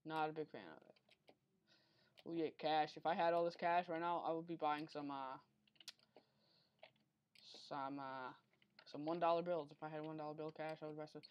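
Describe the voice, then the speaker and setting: A woman's voice: low voice, darkish tone, lo-fi sound, slight background noise. A woman giving unscripted gameplay commentary during a speedrun attempt, rambling, talking to herself and getting easily frustrated. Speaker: gamer recording a speedrun attempt.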